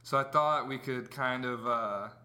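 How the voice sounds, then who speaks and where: Bright-voiced young man, teasing podcast host. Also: medium pitch, measured pace. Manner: rambling, teasing, lots of restarts. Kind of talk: casual podcast banter.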